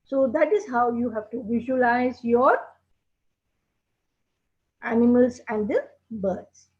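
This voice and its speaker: A woman leads a puppetry workshop in a gentle, explanatory teaching manner. She speaks slowly, with a slightly high voice. The recording sounds dull and lo-fi.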